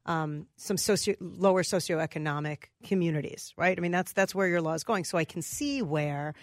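A woman's voice: on the low side, normal speed, no echo, studio quality. Easygoing female radio co-host. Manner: easygoing, thinks aloud with hedges. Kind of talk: casual radio chat. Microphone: studio microphone.

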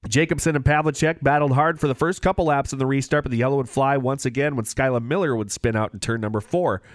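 A man co-hosting a podcast, running through race results and standings in a casual, brisk way. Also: medium pitch, dry recording, clean studio sound. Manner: brisk, reads standings and lap details, laughs easily.

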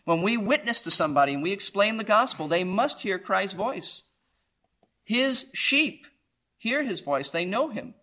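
Male preacher, high and bright, emphatic verse-by-verse sermon delivery. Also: expressive, unhurried. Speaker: pastor.

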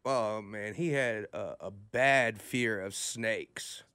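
A man co-hosting a radio show, telling a story in a halting way and often repeating his words. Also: lowish voice, bright, forceful tone, clean tone, no echo, studio quality. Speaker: radio co-host. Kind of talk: casual radio chat. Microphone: studio microphone.

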